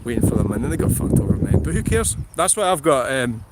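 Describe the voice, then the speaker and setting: The recording is very noisy as a middle-aged Scotsman vlogs live from an outdoor field, rambling bluntly, swearing, and laughing a lot. He is a fast, very animated talker with a mid-range voice.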